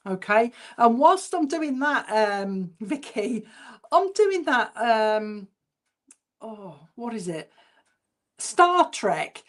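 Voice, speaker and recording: A woman, a spiritualist medium giving clairvoyant messages at a church service in a chatty, informal way. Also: medium pitch. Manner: chatty and informal, relays messages by repeating them slowly.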